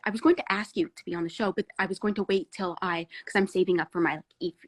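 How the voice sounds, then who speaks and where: A woman from Canada, a guest on a chat show, speaking in soft, agreeable replies. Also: lowish voice, steady tone, fast, breathy edge. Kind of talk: casual chat.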